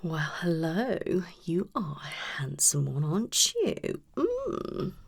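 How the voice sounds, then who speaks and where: Whispered role-play: woman as a tactless, flirty psychologist, low and gravelly, unhurried. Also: expressive, full character voice. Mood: whispery. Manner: soft whispering, blunt tactless remarks. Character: unprofessional female psychologist, blunt and flirty. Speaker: ASMR creator.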